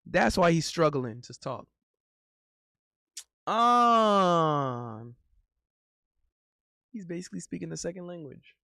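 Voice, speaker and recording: A man's voice: on the high side, lively intonation, slow, gravelly, pauses often, bright, forceful tone, dry recording, studio quality. A man in his thirties chatting casually on a livestream, rambling and repeating himself in slangy talk. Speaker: live streamer. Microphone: studio condenser mic.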